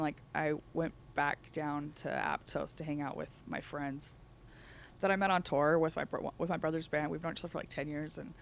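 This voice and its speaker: A woman's voice: low voice, gravelly, a little hiss or hum. A woman co-hosting a casual chat, telling rambling laid-back stories full of fillers and laughter.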